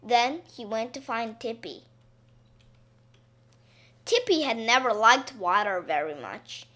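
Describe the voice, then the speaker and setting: Bright, lively woman reading a children's story. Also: on the high side. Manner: slow, expressive read-aloud.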